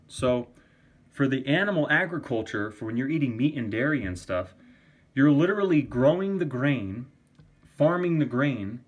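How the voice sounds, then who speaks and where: Profane ranting man. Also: medium pitch. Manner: profane, argumentative, repetitive. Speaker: vegan vlogger. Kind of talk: casual vlog rant.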